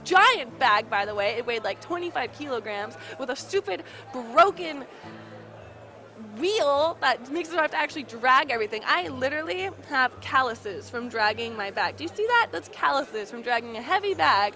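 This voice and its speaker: A woman in her twenties or so, telling a frustrating travel story to camera in an exasperated, animated way, full of fillers. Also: high voice, normal speed, faint music behind. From United States. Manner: exasperated, animated retelling with frequent fillers and laughs. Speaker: vlogger. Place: busy gaming convention hall. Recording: loud crowd chatter behind.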